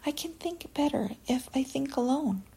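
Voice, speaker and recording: A woman voicing a calm, wise female spider in a whispered role-play with a soft whisper. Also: high voice, normal speed, creaky, voice pushed up, poor audio.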